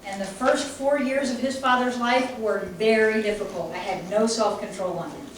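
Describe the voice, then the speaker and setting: A woman's voice: a little high, normal speed. A woman dog trainer giving a conversational, emphatic lecture to a class. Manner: conversational, emphatic, acts out owners' voices. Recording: echoey room from far off, faint noise.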